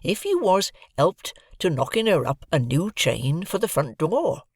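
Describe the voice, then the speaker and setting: A man voicing a slow, kindly village blacksmith who talks in plain rustic dialect, weighing every word. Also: a little high, big pitch swings, slightly rough, dry recording, studio quality, voice pushed up, full character voice. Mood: ponderous.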